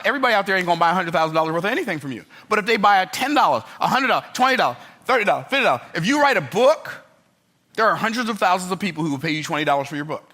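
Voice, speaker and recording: A man's voice: high voice, sharp tone. An older man giving a motivational speech to a live audience. He tells stories with emphasis and repetition, and often checks in with the crowd. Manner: emphatic, repetitive storytelling with rhetorical check-ins. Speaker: motivational speaker.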